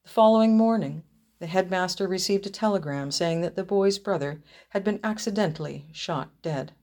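A woman reading a ghost story aloud, measured and expressive. Her voice sits somewhat low, and she lets the eerie moments rise and fall with care. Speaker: reader.

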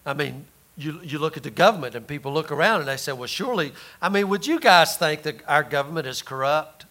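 A man preaching with a high, bright voice. He tells homespun stories in a folksy way. Then he builds up to loud, emphatic points. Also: lively intonation, a little fast, few pauses. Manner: folksy storytelling, laughing, rising to loud emphasis. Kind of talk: sermon with personal story.

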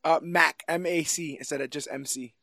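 A man co-hosting a casual podcast, retelling a film with animated energy and frequent laughter. His voice sits a little high, and the sound is dry and close. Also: normal speed, dry recording. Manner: animated, laughing, acts out scenes. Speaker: podcast co-host. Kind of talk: casual movie review chat.

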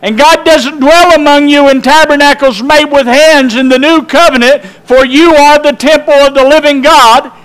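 A man's voice: very high-pitched, steady tone, moderate pace, few pauses, fairly bright tone. A pastor preaching a sermon, emphatic and drawn out, putting questions to his congregation.

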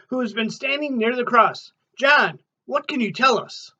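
Man, very high voice, bright tone, mock newscaster reading scripture, dry close sound. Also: moderate pace, no room sound, lo-fi sound.

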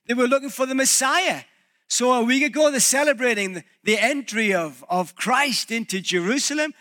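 A male pastor preaching a reflective sermon, pausing and restarting as he thinks aloud. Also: sits high, pushed and bright.

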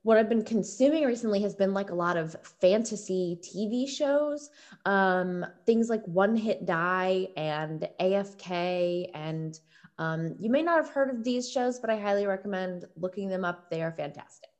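A woman's voice: medium pitch, normal speed, a little mellow. A woman chatting casually as a podcast guest, rambling with many fillers like "like" and "um". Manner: chatty, lots of likes and ums. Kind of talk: casual chat.

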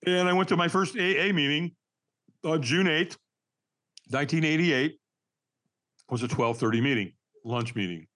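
Animated man in his sixties telling his story. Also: a little high, moderate pace, pauses often. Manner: animated, emphatic, laughs through hard memories. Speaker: podcast guest. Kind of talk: candid personal storytelling.

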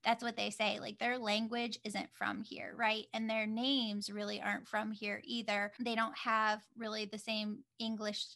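A woman spiritual teacher chatting in an upbeat, enthusiastic way with quick affirmations. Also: medium pitch, level tone, creaky, pushed and bright. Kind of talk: casual chat.

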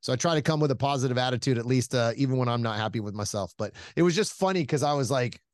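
A man hosting a casual chat, telling stories in an animated, self-mocking way, swearing freely and laughing often as he talks. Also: medium pitch, fast talker, dry recording, clean studio sound. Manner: laughs often while talking. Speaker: podcast host.

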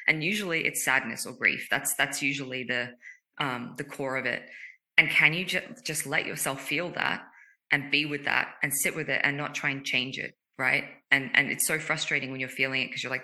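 A woman talking candidly and earnestly in a casual conversation about emotional healing, a podcast guest who speaks quickly and emphatically. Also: rumbling low, steady tone, pushed and bright.

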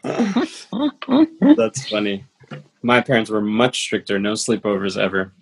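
Husky man with a lively voice. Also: fairly low pitch, slow pace, rough recording. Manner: laughs often, lively. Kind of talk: casual chat.

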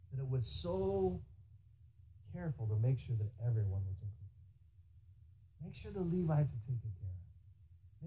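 A pastor preaching a sermon in an animated way, asking the congregation rhetorical questions and speaking to them directly. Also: mid-range voice, a little hiss or hum, rough recording.

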